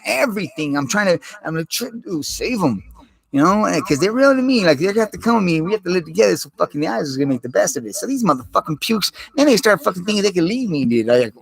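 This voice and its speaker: A man's voice: fairly high pitch, vocal fry. A man talking straight to the camera in a rambling personal monologue, intense and heavy on profanity, with many restarts.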